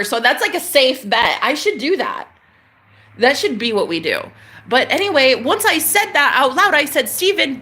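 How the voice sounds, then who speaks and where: A young woman hosting a livestream, telling a rambling story in a casual, animated way, swearing and swinging between loud outbursts and hushed murmurs. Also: high-pitched. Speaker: livestream host.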